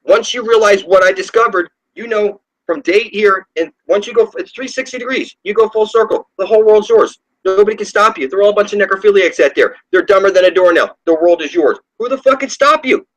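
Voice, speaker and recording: Recorded roughly at home, this male online video ranter talks briskly with few pauses in a high voice. He goes on a profane, meandering spiritual rant that is preachy and full of scorn, frequently losing his thread and starting sentences over.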